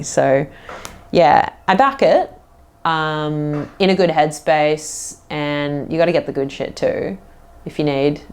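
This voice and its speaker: A woman with a notably low voice chats alone on her casual podcast. She rambles freely, leans on "like" and "um", and drifts into playful little accents as she talks. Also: a little mellow. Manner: rambling, fills talk with "like" and "um"; slips into playful put-on accents. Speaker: podcast host. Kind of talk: casual solo podcast chat.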